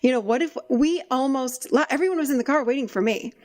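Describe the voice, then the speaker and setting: A middle-aged woman hosting a podcast, telling stories in a lively way and laughing often, in a casual conversation. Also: high voice, fast. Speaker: podcast host and therapist.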